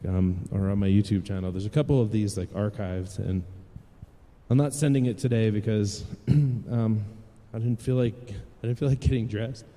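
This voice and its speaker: A man's voice: lowish voice, mellow, big-room sound. A man chatting casually and rambling to live viewers from his home music studio. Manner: rambling, chatty, self-deprecating.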